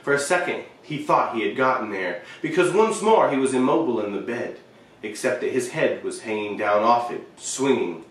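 A man reading a short story aloud, expressive, with shifting emphasis and the occasional slip. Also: medium pitch, moderate pace, distant mic. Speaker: reader. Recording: very echoey room, voice away from the mic.

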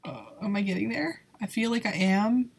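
A woman's voice: mid-range voice, normal speed, gravelly, breathy edge. A woman giving casual gameplay commentary in a nervous, exclaiming way, laughing often. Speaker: YouTuber playing a video game.

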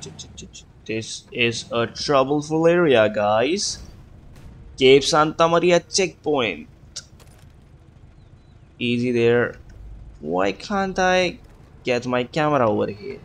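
A gaming video creator with a medium-pitched, creaky, somewhat bright voice narrates his play over a little hiss or hum. He keeps it casual and talkative, muttering, cursing regularly, and slipping into an accent for fun.

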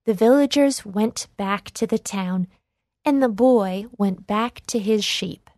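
Reading a children's read-along storybook, a woman narrates clearly and expressively at a slow, even pace and middle pitch. The recording is close and dry.

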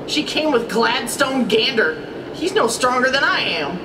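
A woman's voice: fairly high pitch, sing-song, unhurried, roomy sound. A woman voicing a boastful grown male cartoon duck in a storybook reading, with a showy, indignant manner. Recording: distant mic with background noise.

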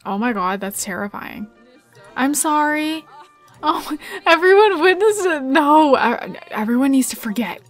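A woman's voice: high voice, unhurried, faint music behind. Bubbly giggly young woman gamer. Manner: bubbly, excitable, lots of giggles and fillers. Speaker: gaming YouTuber. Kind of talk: Let's Play commentary.

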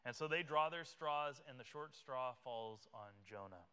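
A man's voice: mid-range voice, lively intonation, measured pace, bright, forceful tone, clean tone. A man preaching a sermon as pastor, telling the story conversationally and acting out the characters as he goes. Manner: conversational, vivid retelling that acts out the characters. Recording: reverberant church hall live stream.

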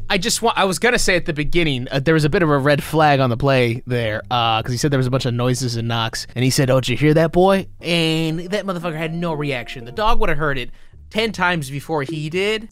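A man's voice: on the high side, fast. A young man hosting a reaction video, giving casual comedic commentary that is sarcastic and full of swearing. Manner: animated, sarcastic, swears freely.

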